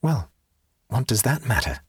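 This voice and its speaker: A man's voice: mid-range voice, big pitch swings, a little slow, breathy edge, no room sound, studio quality, heavily acted. A man reading the part of a serene, rapturous young man who talks with ecstatic, preaching fervor. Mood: calm. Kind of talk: audiobook character reading.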